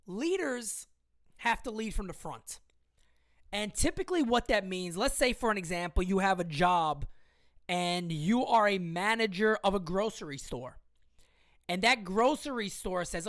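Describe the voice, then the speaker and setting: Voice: medium pitch, lively intonation, unhurried, a bit bright. A woman hosting a live-stream sports commentary show, emphatic and argumentative as she answers comments from her chat. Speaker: host.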